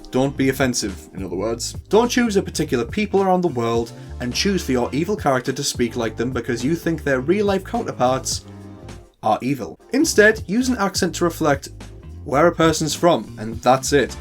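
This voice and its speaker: A man with a northern English accent hosts a tutorial, talking to camera in a chatty way with playful asides. His medium-pitched voice is sing-song, and he speaks at a moderate pace. Soft music plays in the background.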